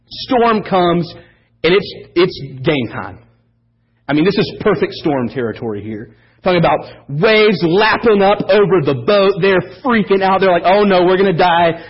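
Man, pastor, sermon, high lively voice, husky, dull lo-fi church recording. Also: measured pace. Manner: animated, joking storyteller. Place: church service.

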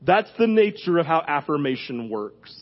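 A man preaching a conversational sermon as pastor, animated and casual, full of fillers, his voice leaping up when he gets fired up. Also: on the high side, normal speed, dull audio.

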